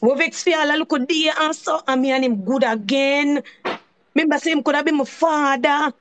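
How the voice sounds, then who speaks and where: A woman's voice: high-pitched, fairly quick, a bit bright. A woman with a Jamaican accent telling a heated, repetitive story on a live stream, swearing in patois as she vents about a falling-out. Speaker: channel host.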